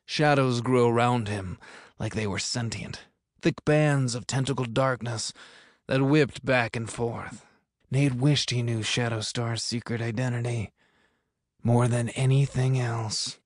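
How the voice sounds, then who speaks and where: A man's voice: mid-range voice, fairly even intonation, a little slow, no room sound, studio quality. A man narrating an audiobook in an upbeat, playful manner, recorded in a booth. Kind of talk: scripted narration.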